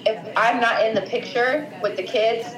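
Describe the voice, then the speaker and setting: A woman's voice: on the high side, steady tone, moderate pace, reverberant, rough recording. A woman co-hosting a casual podcast chat, blunt and swearing freely. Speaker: co-host.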